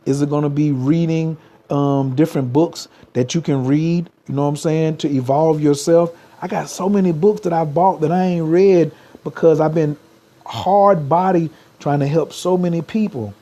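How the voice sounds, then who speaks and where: A man's voice: a little high, steady tone, moderate pace, mellow. A man, giving a motivational livestream talk as a spiritual coach, repeating slogans and urging viewers to type them.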